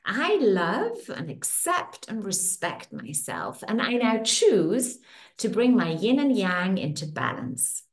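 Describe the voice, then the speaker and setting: Leading a women's circle, a middle-aged facilitator walks the group through tapping and affirmations in a medium-pitched voice. Her slow speech rises and falls with liveliness, and her calming lines recur rhythmically, with clear room echo in the recording.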